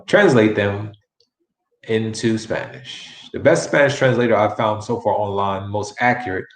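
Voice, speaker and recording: A man's voice: lowish voice, a little slow, roomy sound, poor audio. A man teaching a live-streamed Spanish lesson, chatty and repeating each phrase many times for practice.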